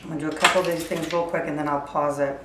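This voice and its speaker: A woman's voice: low voice, little pitch movement, rapid-fire, recorded from a distance, heavy background noise. A woman chatting casually as she cooks in her home kitchen, talking through each step as she works. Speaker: home cook. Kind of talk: casual cooking demonstration. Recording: echoey kitchen, voice from off-mic. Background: clattering dishes, utensils and drawers.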